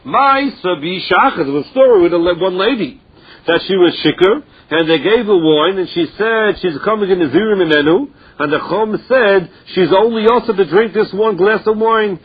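A man explains a Talmud passage in English after reading it in a study chant, slipping Aramaic and Hebrew terms in and keeping a chanting cadence. He sounds high-pitched, animated and slightly rough, at a moderate pace, captured on a dull lo-fi recording.

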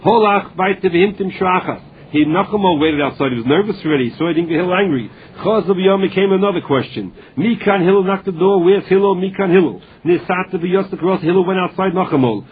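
Husky high-voiced man teaching Talmud. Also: a little fast, phone-quality sound. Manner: storytelling, mixing Aramaic phrases with English. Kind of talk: Talmud lesson, translating and retelling.

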